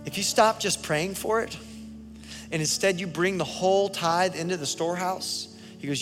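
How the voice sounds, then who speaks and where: A man preaching a sermon as pastor, emphatic, swinging between loud bursts and quiet asides. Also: sits high, moderate pace. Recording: reverberant hall with faint music.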